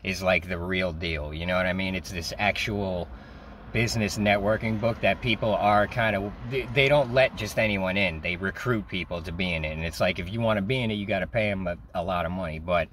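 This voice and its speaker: Low-voiced New man telling a story. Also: fairly quick, fairly bright tone, a little hiss or hum. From New York. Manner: profane, rambling, laughs often. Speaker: vlogger. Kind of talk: casual storytelling.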